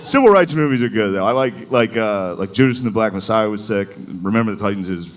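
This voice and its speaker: Rambling male stand-up comic, lively pitch. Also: fast. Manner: loose, rambling delivery with many filler likes. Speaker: stand-up comedian. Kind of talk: stand-up comedy set. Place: live venue before a laughing audience. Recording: live show with crowd laughter. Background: audience laughter.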